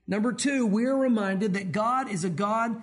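High-pitched, animated preaching man. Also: normal speed. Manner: animated, acts out voices in his stories. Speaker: pastor. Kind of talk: sermon.

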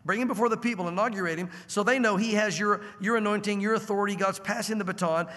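A man's voice: sits high, fairly even intonation, fast, hardly any pauses, fairly bright tone. A male pastor teaching a verse-by-verse sermon, talking conversationally and acting out what the biblical figures might say. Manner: conversational, acts out biblical characters' lines. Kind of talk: expository sermon. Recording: long hall reverb.

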